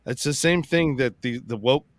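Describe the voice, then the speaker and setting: A man's voice: medium pitch, moderate pace. Rambling man hosting a chat. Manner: rambling, restarts, animated retelling. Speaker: podcast host. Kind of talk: casual political chat.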